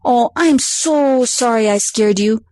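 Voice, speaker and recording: A woman voicing a curious, bold little girl in a storybook, speaking in a bright, eager way. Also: fairly high pitch, slow pace, no room sound, pitched above the performer's own voice. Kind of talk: storybook reading.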